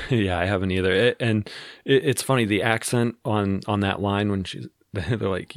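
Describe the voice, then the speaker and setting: A man co-hosting a podcast, chatting in a relaxed, agreeable way. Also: fairly low pitch, a little slow, no echo, clean studio sound. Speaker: podcast co-host. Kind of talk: casual chat.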